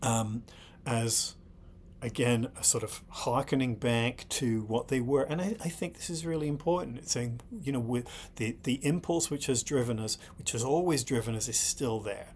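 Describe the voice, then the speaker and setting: A man's voice: medium pitch, moderate pace, a little mellow, a little hiss or hum. Thoughtful middle-aged man analyzing lyrics. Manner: thoughtful, repeatedly checks in with "right?"; blunt and exasperated when scolding critics. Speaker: host. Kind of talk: analytical commentary on song lyrics.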